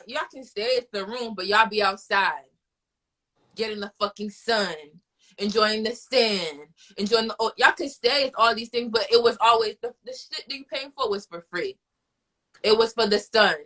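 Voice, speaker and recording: A woman's voice: a little high, pushed and bright. A woman host in casual chat, ranting in a profane, fired-up way.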